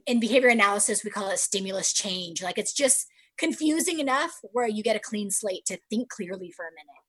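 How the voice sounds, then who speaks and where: A woman in her thirties speaking candidly and earnestly about her life, acting out her own inner voice in quick quotes. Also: fairly high pitch, a bit bright, breathy edge, rough recording. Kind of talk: candid personal talk.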